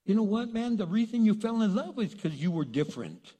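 Animated man preaching in an echoing hall. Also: high-pitched, a little fast, breathy edge. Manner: animated, joking, acts out quoted voices. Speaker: pastor. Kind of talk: sermon. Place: church hall. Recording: long reverb of a church hall.

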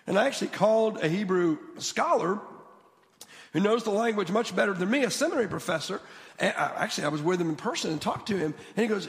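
Man preaching, high voice, gravelly, animated with restarts, long church hall reverb. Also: a little fast. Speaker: guest preacher. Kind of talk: sermon. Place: church sanctuary.

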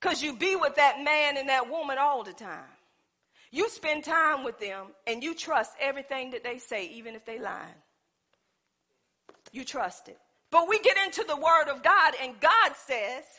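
A woman preaching a lively sermon, acting out little scenes and talking back to God with humor. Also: high-pitched. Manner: animated, playful, acts out little scenes.

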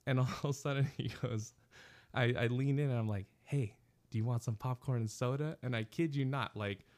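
A man co-hosting a podcast, telling stories in a casual, animated way and laughing often. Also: mid-range voice, brisk. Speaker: podcast co-host. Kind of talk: casual chat.

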